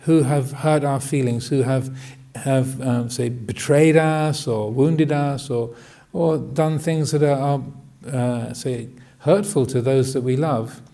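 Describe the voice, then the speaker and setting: A man giving a Buddhist dharma talk, hesitant and full of restarts, often laughing gently. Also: mid-range voice, fairly even intonation, slow pace, gravelly, few pauses. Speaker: Buddhist monk teaching.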